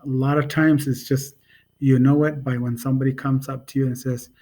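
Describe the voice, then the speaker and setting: A man giving a casual spoken language lesson, relaxed and pausing often, repeating phrases slowly and spelling them out letter by letter. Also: medium pitch. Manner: relaxed and unhurried, with many pauses and fillers. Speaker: language teacher.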